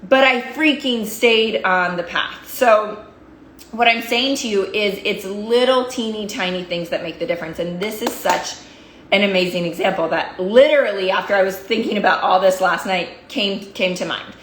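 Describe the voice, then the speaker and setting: A woman's voice: mid-range voice, moderate pace, a bit bright, slight background noise. Woman coach, emphatic motivational speaker who hammers points through repetition; recorded in a roomy, echoey space. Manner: fired-up, emphatic, repeats phrases for emphasis. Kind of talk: motivational talk to followers. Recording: roomy echo.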